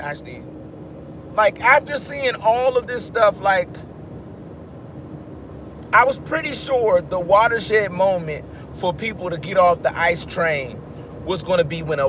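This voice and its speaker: A man giving casual commentary to his viewers, rambling and animated, often breaking off mid-thought and restarting. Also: high voice, a little hiss or hum. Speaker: vlogger.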